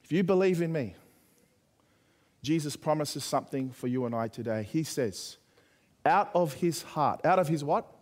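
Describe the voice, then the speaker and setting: High-voiced man preaching. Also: moderate pace. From Australia. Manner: conversational storytelling, rising to loud appeals. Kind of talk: sermon.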